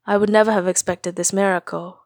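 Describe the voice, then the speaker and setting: A woman voicing a young male hero who is earnest and stunned, at times raising his voice and at times speaking in a hush. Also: mid-range voice, level tone, fairly quick, dry recording, clean studio sound, lightly acted. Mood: incredulous. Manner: earnest, disbelieving, often hushed.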